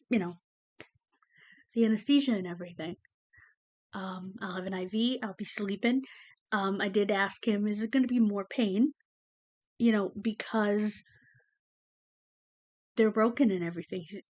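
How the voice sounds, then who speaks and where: A woman's voice: medium pitch, darkish tone. A woman giving a casual personal update to her camera, rambling with many fillers and emotional, close to tears at times. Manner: many fillers like "you know" and "um". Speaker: vlogger. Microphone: camera facing the speaker.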